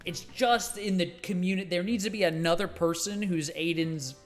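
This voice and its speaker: A man co-hosting a casual live stream, rambling through his points with emphatic, offhand swearing. His voice is fairly high for a man, and soft music sits faintly in the background. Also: moderate pace. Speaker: co-host.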